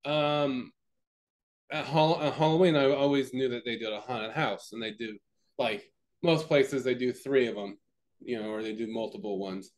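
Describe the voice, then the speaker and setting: A man's voice: mid-range voice, fairly even intonation, moderate pace. Young male podcast co-host; loose, profane storyteller, heavy on fillers and restarts. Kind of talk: casual chat.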